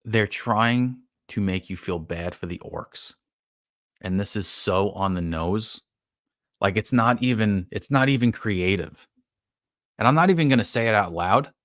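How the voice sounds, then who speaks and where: A man's voice: on the low side, measured pace, fairly bright tone, no echo, studio quality. A man hosting a podcast, giving a casual, blunt, rambling recap with plenty of profanity and filler words. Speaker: podcast host. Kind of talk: casual live-stream episode recap.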